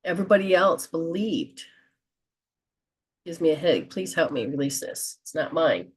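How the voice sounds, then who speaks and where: Woman host giving a spiritual reading; slow, earnest, counseling delivery, slightly low pitch. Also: expressive, darkish tone, slightly rough. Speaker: host and metaphysician.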